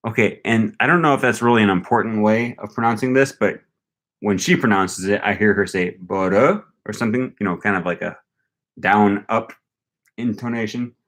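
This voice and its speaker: A young man casually thinking aloud as he tries a language app, slowly repeating foreign phrases after a recording. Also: lowish voice, a bit bright. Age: young adult. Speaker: language learning vlogger. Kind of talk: casual commentary while using a language app.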